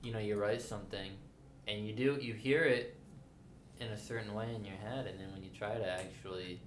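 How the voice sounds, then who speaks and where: A man's voice: lowish voice, steady tone, brisk, slight background noise. Wry, joking man in podcast banter. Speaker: podcast co-host. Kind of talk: casual chat.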